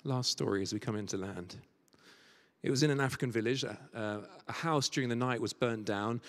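A man preaching a sermon and telling stories, sometimes dropping to a soft near-whisper for quoted words. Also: mid-range voice. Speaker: guest preacher. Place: large church. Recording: church hall reverb.

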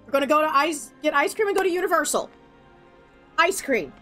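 High, lively sarcastic woman streamer. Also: a little fast, soft background music. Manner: sarcastic, swears freely, laughs often. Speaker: let's play streamer. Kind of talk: casual gameplay commentary.

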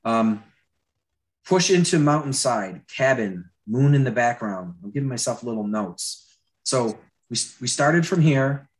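A man teaching storyboard drawing in a live demo, with a dry throat he keeps clearing. He talks loosely and chattily, with many fillers and restarts. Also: medium pitch, animated, a little slow.

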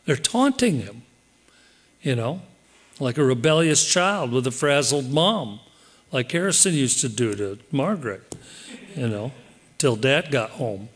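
A pastor preaching a sermon in church, lively and direct, slipping into quoted voices as he explains the text. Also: mid-range voice, a little slow, pauses often, husky. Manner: animated, acts out quoted voices.

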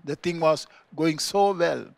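The Sri Lankan-accented pastor speaks at a measured pace in a fairly high, gravelly voice during his church sermon. He moves between emphatic, loud outbursts and hushed, low remarks. It's a dry, close recording with almost no room reflection.

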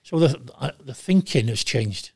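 Older man, blunt and profane, animated storyteller, dry close sound. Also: medium pitch, moderate pace, vocal fry, husky, no room sound. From Wales. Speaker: guest, former goalkeeper. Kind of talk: casual interview chat.

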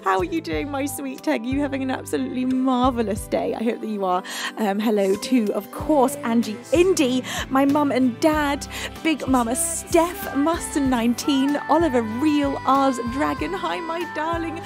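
A woman's voice: high-pitched, moderate pace. A British woman hosting a live music stream, chatting affectionately and giggly with her viewers from her home studio. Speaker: livestream music host. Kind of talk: casual chat with viewers.

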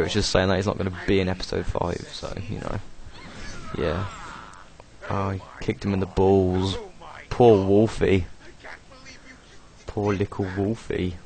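A young man with a British accent talks loosely over his own animation, his voice sitting a little low. He rambles, swears offhandedly and laughs at his own asides, like a casual home voice-over. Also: fairly even intonation, measured pace, vocal fry, pauses often, darkish tone. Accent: British English. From Britain. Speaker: video creator doing commentary.

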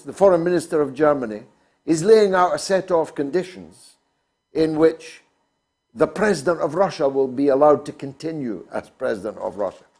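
A man's voice: on the high side, a little mellow. A man hosting a talk show, delivering an emphatic, oratorical monologue.

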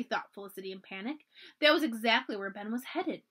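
A woman librarian reading a children's storybook aloud, expressive and often dropping to a hush for the dramatic parts. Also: on the high side, fairly quick, husky.

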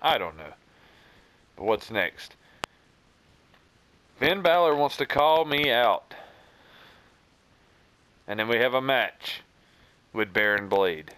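Wry, rambling gaming commentator. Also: male voice, mid-range voice, animated, slow pace, long pauses, fairly bright tone, a little hiss or hum. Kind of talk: let's play commentary.

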